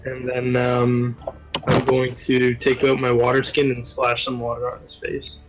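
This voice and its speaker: A man from Canada playing a tabletop game over a video call, describing his character's actions in a measured, deliberate way. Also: mid-range voice, monotone, noisy background.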